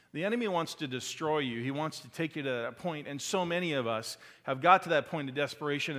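A man preaching a sermon with passion, swinging between loud emphasis and quiet, drawn-out lines. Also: mid-range voice. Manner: impassioned, rising to loud emphasis and dropping to quiet. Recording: long hall reverb.

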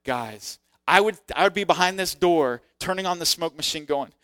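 Male preacher, slightly high smooth voice, lively candid storyteller, dry close sound. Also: normal speed, no echo. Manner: animated, acts out quoted voices; self-deprecating, candid. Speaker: preacher sharing testimony. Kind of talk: sermon storytelling.

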